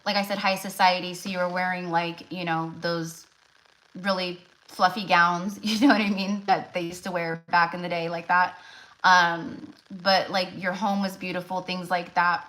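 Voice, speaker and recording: A woman's voice: lowish voice, flat delivery, normal speed, fairly bright tone, poor audio. A woman giving casual live tarot readings, chatty and loose, full of fillers and restarts. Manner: chatty, many fillers and restarts, laughs often. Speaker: tarot reader.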